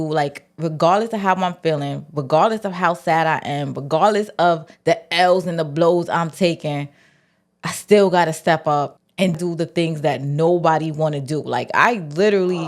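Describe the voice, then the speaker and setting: A woman, giving a casual, animated recap of a TV episode and acting out the characters' lines. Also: fairly low pitch. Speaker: TV recap vlogger.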